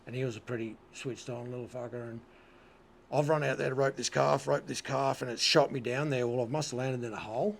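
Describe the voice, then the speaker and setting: A man's voice: mid-range voice, steady tone, brisk, creaky. A man with an Australian accent telling rodeo stories as an interview guest, laid-back, swearing freely and often asking "you know what I mean". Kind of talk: casual storytelling.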